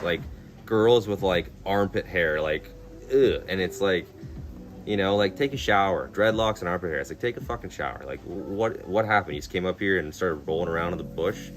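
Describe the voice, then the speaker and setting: Blunt, low-voiced young guy streaming. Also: fairly bright tone. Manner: blunt, swears a lot, many "like" fillers. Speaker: live streamer. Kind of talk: casual live-stream chat. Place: outdoors in a town at night. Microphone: phone. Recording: music playing behind.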